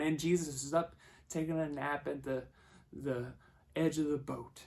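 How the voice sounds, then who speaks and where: A man preaching a sermon, telling the story and acting out the voices he quotes, moving between hushed and loud passages. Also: on the high side, steady tone, unhurried, vocal fry.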